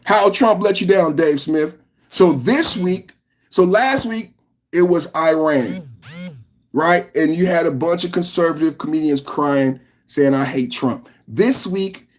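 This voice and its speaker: A man's voice: fairly high pitch, unhurried. A man hosting a live reaction podcast, ranting in a heated, repetitive way with lots of rhetorical questions. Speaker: podcast host.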